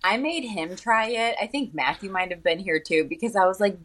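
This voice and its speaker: A woman's voice: mid-range voice, expressive, normal speed, few pauses, fairly bright tone. A woman in her thirties co-hosting a podcast in casual, chatty talk full of fillers. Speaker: podcast co-host. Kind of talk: casual chat.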